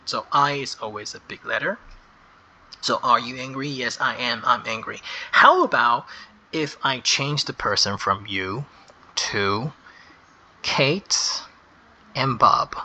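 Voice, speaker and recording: A man teaching English grammar, explaining slowly and carefully and stressing key words. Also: mid-range voice, pushed and bright, husky. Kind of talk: slow explanatory lesson.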